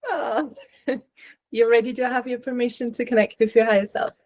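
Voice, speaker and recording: A woman channeler relaying spirit messages slowly and softly during a live online session. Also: fairly high pitch, fairly even intonation.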